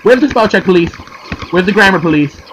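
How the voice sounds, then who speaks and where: A young man giving sarcastic let's play commentary, yelling and screaming at the game. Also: high-pitched, lively intonation, fairly quick, slight background noise, rough recording. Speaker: gaming commentator. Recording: game music behind.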